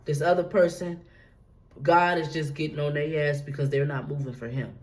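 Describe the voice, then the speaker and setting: A woman's voice: sits low, fairly even intonation, normal speed, low-quality recording. A woman giving a casual tarot reading, talking straight to her viewers in a loose, repetitive, profane way. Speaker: tarot reader.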